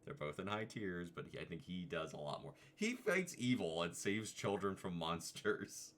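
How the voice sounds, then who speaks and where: A man's voice: low voice, animated, normal speed, a bit bright. A man hosting a casual tier-list video, rambling and chatty with playful asides. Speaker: vtuber host.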